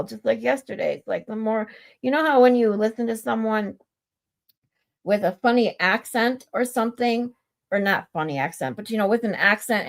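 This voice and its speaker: A woman hosts a casual live stream at an ordinary middle pitch, talking bluntly and swearing freely. She restarts her sentences often as she reads text messages aloud and talks them over with her viewers. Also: gravelly. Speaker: livestream host.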